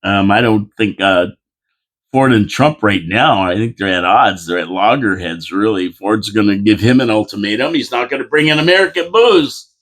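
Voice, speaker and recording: A man's voice: on the low side, normal speed, fairly bright tone. A man hosting a casual local politics show, rambling and chatty, repeating phrases and reading out viewer comments with mock-indignant asides.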